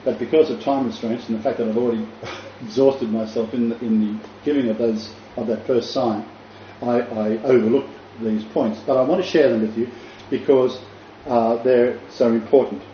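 Australian preacher in an echoey room. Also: male voice, mid-range voice, steady tone, moderate pace, slight background noise. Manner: hesitant, then emphatic repetition. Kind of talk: informal sermon. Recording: echoey, distant, dull room recording.

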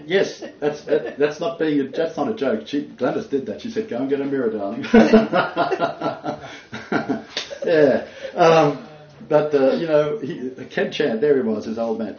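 A man's voice: on the high side, lively intonation, darkish tone. A man giving a homely, unscripted sermon. He rambles, hesitates and laughs at his own stories. His voice carries in a roomy space on a dull, muffled recording. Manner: rambling, halting, chuckling asides. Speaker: preacher. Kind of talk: informal sermon with anecdotes.

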